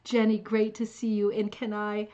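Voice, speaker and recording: A woman's voice: mid-range voice, completely flat delivery, normal speed, dark tone, lo-fi sound. A woman hosting a craft club livestream from her couch at home, chatting casually and greeting viewers by name, with lots of fillers and restarts. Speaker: host of a rug hooking club livestream.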